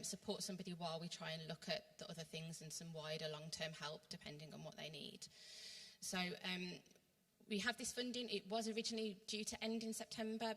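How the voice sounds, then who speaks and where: A woman's voice: lowish voice, fairly bright tone. A woman with a West Midlands English accent giving an earnest workshop talk as a council worker, with many ums and restarts. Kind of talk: workshop presentation. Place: church hall. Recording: long reverb from a hall.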